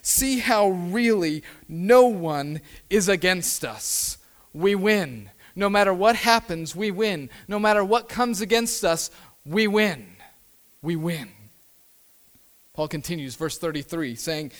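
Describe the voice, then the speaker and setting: A man, a pastor, preaching a sermon with emphatic repeated phrases, moving between hushed and loud delivery. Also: sits high, lively intonation, slow pace.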